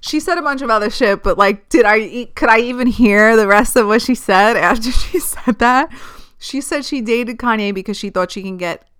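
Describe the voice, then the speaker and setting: A bright, smooth-voiced woman talks through her solo podcast in loose, casual chat. She swears freely, laughs a lot and sometimes drops to a whisper. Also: a little high, normal speed. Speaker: podcast host. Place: filmed at home while recording.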